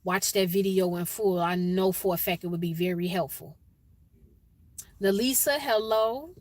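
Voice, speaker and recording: A woman's voice: on the low side, normal speed, darkish tone, dry recording. A woman with a Chicago accent hosting a casual livestream, chatting with viewers and greeting them by name. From Chicago, USA. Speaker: livestream host.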